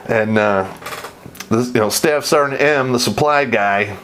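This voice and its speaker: A man's voice: medium pitch, measured pace, a bit bright, slight background noise. A middle-aged man telling army stories in a casual, profane, laid-back way, often laughing as he talks. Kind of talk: casual storytelling.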